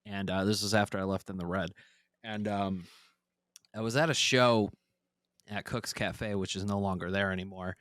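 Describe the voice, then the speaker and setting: A man's voice: sits low, fairly even intonation, normal speed, a bit bright, no room sound, clean studio sound. A man guesting on a podcast, telling a story in casual, rambling talk full of fillers and swearing. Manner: rambling, profane, many fillers.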